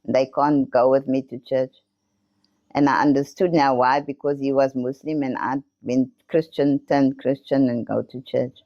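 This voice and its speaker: A woman's voice: very deep voice, steady tone, measured pace, highs cut off. A woman telling her personal testimony, acting out the voices of others in her story. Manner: earnest storytelling, acts out voices in quotes. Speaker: testimony speaker.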